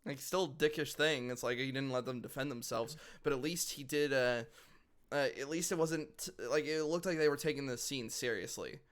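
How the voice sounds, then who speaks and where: A man at a middle pitch, co-hosting a casual podcast chat. He argues his points and often stumbles and restarts. He fills gaps with small hesitations. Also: moderate pace, fairly bright tone. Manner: argumentative, restarts sentences, frequent uh and like. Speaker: podcast co-host.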